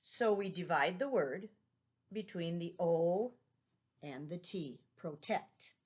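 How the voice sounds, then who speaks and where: A woman's voice: fairly low pitch, lively intonation, slow pace, a little mellow. A middle-aged woman teacher giving a patient spelling lesson for young children, spelling words out letter by letter.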